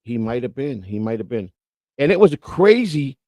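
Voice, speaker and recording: A man's voice: medium pitch, sing-song, moderate pace, dark tone, no room sound. A man from Florida co-hosting a casual livestream, telling long rambling stories and swearing freely. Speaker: co-host.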